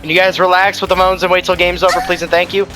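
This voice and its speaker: A man streaming ranked gameplay, commenting live and trash-talking with sudden shouts. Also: sits high, flat delivery, quick pace, over music.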